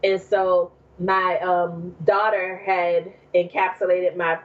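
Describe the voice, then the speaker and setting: A woman's voice: fairly low pitch, little pitch movement, slow, phone-quality sound. A woman from New Jersey telling her story as a podcast guest in casual chat, laughing often and using many fillers.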